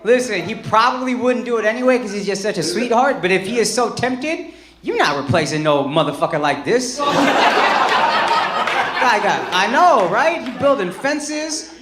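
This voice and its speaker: A man's voice: high voice, big pitch swings, normal speed. A man in his thirties doing stand-up crowd work, brash and profane, swinging into mock outrage. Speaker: stand-up comedian. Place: comedy club stage with live audience. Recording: echoey club with loud crowd laughter.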